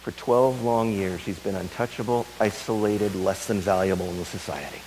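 Dramatic low-voiced man preaching. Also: normal speed, slight background noise, poor audio. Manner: dramatic, swings from loud urgency to soft tender hush. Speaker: pastor. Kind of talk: sermon.

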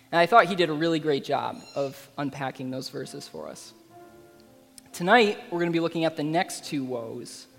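A man preaches a sermon in an easygoing, conversational manner, slipping in fillers and asides. His voice sits fairly high for a man. A long reverb trails behind each phrase, as in a large hall. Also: creaky, fairly bright tone.

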